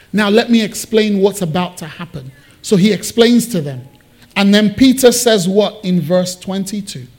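High-voiced guy preaching in church, gets really animated acting out the quotes. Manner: animated, acts out Bible quotes with big pitch swings. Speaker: pastor. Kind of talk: sermon. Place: church hall.

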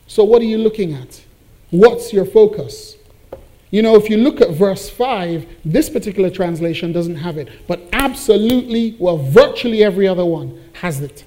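A man delivering a sermon in a high, mellow voice. He preaches emphatically, rising and pushing hard on the phrases he wants to land. It is a pastor addressing his congregation. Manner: emphatic preaching that builds in force on key phrases.

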